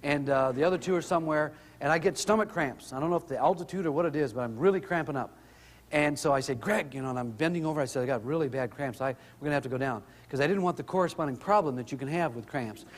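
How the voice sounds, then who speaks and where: A middle-aged man telling humorous family stories in an animated way to an audience. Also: fast talker, in a large hall. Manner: animated, rises in pitch when excited. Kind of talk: humorous storytelling talk.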